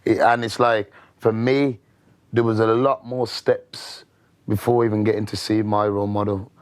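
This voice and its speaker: Male rapper interviewee, Birmingham accent, low voice, proud and easygoing. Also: level tone, moderate pace. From Birmingham, England. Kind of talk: interview answers.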